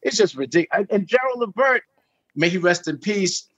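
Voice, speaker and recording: Animated, profane middle-aged man storyteller. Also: sits high, normal speed, no echo, lo-fi sound. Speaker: guest. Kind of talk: casual storytelling chat.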